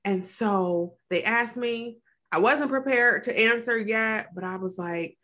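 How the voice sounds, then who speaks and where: A woman's voice: on the high side, takes it slowly, sharp tone. A woman hosting a podcast interview, chatty and storytelling, laughing easily. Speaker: podcast host.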